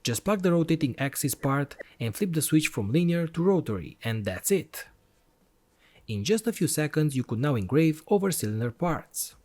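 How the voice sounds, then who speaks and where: A man's voice: fairly high pitch, a little mellow. A man hosting an electronics channel, narrating a product review voice-over in an enthusiastic, step-by-step explanatory way.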